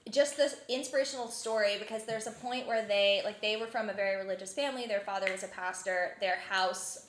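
A young woman from New Jersey hosting a casual chat, animated and full of filler words. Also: medium pitch, a little hiss or hum. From New Jersey, USA. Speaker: podcast host. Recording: roomy echoing room.

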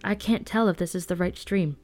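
A woman voicing a tired, worried young man who speaks quietly and earnestly. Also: on the low side, a little fast, soft background music, natural voice.

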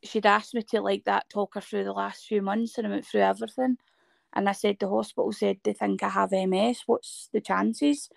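Woman, thirties, Scottish accent, gravelly, dry close sound, animated storyteller. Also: medium pitch, moderate pace, no room sound. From Scotland. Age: 30s. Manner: animated storytelling, acting out quoted dialogue. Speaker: guest. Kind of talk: personal story in conversation.

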